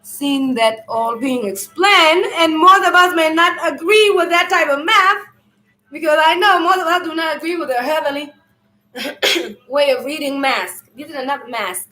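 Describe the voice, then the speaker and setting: A woman hosting a live stream, giving a loose, rambling spiritual talk in a loud voice, often clearing an irritated throat and addressing viewers as family. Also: high-pitched, normal speed, echoey room, poor audio.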